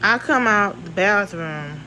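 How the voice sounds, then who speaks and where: A woman's voice: medium pitch, lively intonation, slow pace, sharp tone, slight background noise, rough recording. A woman vlogger telling a story in casual speech, blunt and full of swearing, repeating herself for emphasis.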